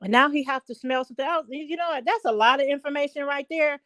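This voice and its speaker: A woman's voice: high-pitched, fast, fairly bright tone, no room sound. Emphatic middle-aged woman telling a story. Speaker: guest. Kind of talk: casual chat.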